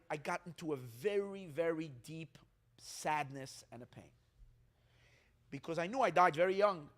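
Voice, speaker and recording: A gentle, earnest ghost of a poor young teacher, as a man puts him on, recounting his life in a heartfelt way. His voice sits a little high. He speaks in the first person, as if to someone sitting across from him. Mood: sorrowful.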